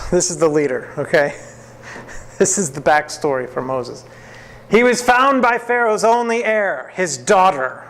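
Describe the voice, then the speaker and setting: A man teaching a classroom Bible lesson, telling the story in a lively way, acting out the quotes and often laughing. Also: fairly high pitch.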